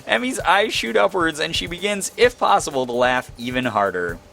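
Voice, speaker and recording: A young man reading a visual novel aloud as its narrator, breaking off into animated, self-mocking commentary. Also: on the high side, normal speed, gravelly, faint music behind. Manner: animated, laughing asides between read lines. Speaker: game streamer.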